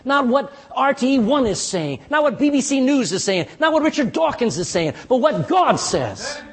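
A man preaching a sermon as pastor, impassioned and pleading, with sudden drops to a hush. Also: very high voice, very animated, normal speed.

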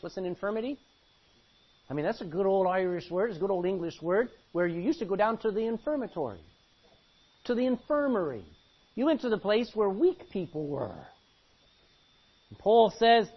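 A pastor preaching a sermon, reading scripture dramatically and asking the congregation rhetorical questions. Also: male voice, sits high, sing-song, normal speed, breathy edge, highs cut off.

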